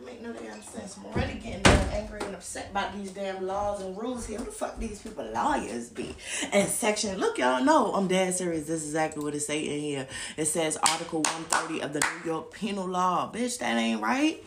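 A woman's voice: medium pitch, brisk, vocal fry, hardly any pauses, heavy background noise. A woman giving a casual, profane, blunt rant to her viewers. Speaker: vlogger. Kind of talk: casual ranting livestream.

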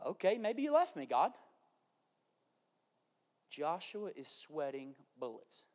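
A man's voice: on the high side, very animated, takes it slowly, a little mellow. A man preaching a sermon, acting out voices and repeating phrases for effect. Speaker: pastor. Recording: faint music behind.

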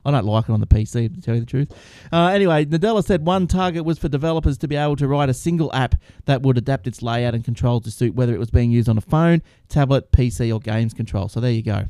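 A man's voice: mid-range voice, fast, dark tone, smooth, no room sound. Rambling man hosting tech chat. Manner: rambling, restarts, laughs often. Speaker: podcast host.

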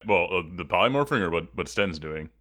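A man's voice: sits low, expressive, fairly quick, sharp tone. A man playing a tabletop game, joking and self-mocking in casual banter. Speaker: player.

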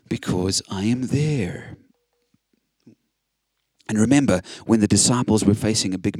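A man with a lowish voice preaching an earnest, encouraging sermon. He leans on the scripture he quotes and stresses each line. The sound is close and dry, with no room around him. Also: a little mellow, no echo.

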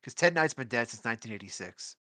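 Bright, forceful man ranting sardonically. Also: mid-range voice, animated, fast, dry recording. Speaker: podcast co-host. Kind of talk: casual podcast chat.

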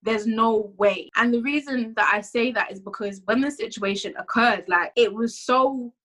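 A young woman recounts her faith testimony in a candid, conversational way. Her voice is bright and clear. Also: fairly high pitch, moderate pace, poor audio.

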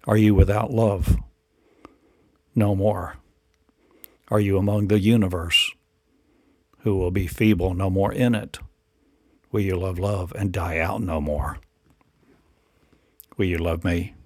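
A man's voice: low voice, fairly even intonation, slow, pauses often, a little mellow, no room sound, clean studio sound. A man delivering a rambling spiritual monologue in incantatory, repetitive declarations and rhetorical questions.

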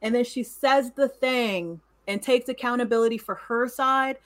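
A woman's voice: a little high, moderate pace, a bit bright. A woman co-hosting a podcast who talks frankly and with emphasis about friendship and honesty, in a casual chat. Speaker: podcast co-host.

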